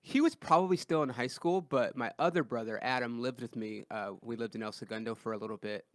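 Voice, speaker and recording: A man hosting a podcast in a studio, telling a story in casual chat and getting loud when he acts out quotes. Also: medium pitch, brisk, no echo. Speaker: podcast host. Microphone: studio mic.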